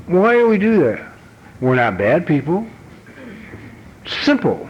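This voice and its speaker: A middle-aged American man giving a talk at a recovery banquet, telling stories bluntly and acting out voices, shifting from quiet asides to loud outbursts. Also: fairly high pitch, sing-song, takes it slowly, pauses often. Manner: blunt, rough-edged language. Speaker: AA speaker. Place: banquet hall. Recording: dull archival banquet recording with faint hiss.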